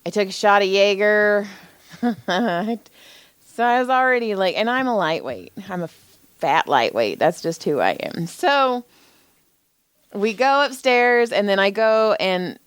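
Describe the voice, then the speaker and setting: A woman's voice: mid-range voice, animated, unhurried, clear, resonant tone, no echo. A woman co-hosting a podcast, an indie author chatting in a frank, self-deprecating way with lots of laughs. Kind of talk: casual chat.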